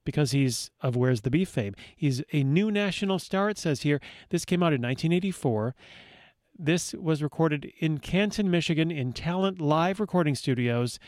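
A man's voice: a little high, expressive, moderate pace, darkish tone, dry recording. A man hosting a radio show from a studio, introducing records with wry, dry asides.

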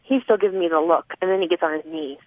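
Here a woman with a lowish voice moves at a brisk pace, narrating a first-person novel as the expressive inner voice of a twelve-year-old girl. She is an audiobook narrator, and the sound is thin and phone-like, dry, with no echo.

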